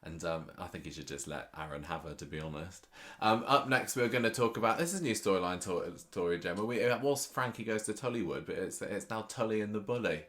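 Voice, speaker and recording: Playful male podcast co-host, low register, punning and bantering. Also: animated, quick pace, few pauses, a bit bright. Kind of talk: casual chat.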